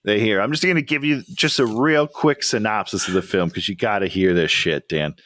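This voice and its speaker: A man co-hosting a casual podcast, joking and swearing as he pitches next week's movie. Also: brisk, no room sound. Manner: animated, swearing, jumps to high pitch when amused. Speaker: podcast co-host. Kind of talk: casual chat.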